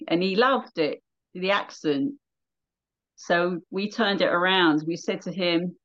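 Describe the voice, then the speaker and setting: A woman's voice: fairly low pitch, slow, fairly bright tone, muffled recording. A woman from England, a radio presenter, chatting in a casual interview and telling stories with easy laughs. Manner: laughs easily, chatty storytelling.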